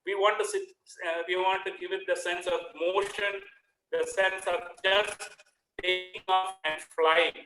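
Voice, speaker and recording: A man gives a photography talk over a video call. His voice sits high and bright, and he speaks at an easy pace with frequent "uh" pauses. The sound is roomy and echoey. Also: faint music behind. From India. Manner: relaxed, with frequent "uh" fillers. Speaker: guest speaker. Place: home room on a video call. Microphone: computer mic on a video call.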